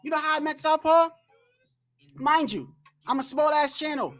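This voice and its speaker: A man's voice: very high voice, normal speed, a bit bright. A man telling a rambling, profane story on a casual livestream about boxing. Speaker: boxing commentary streamer.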